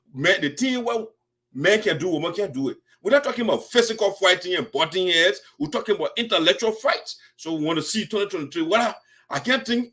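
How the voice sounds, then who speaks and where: Liberian male host, higher-pitched voice, teasing political commentary. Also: bright, forceful tone. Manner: mocking, playful, repeats phrases with laughter.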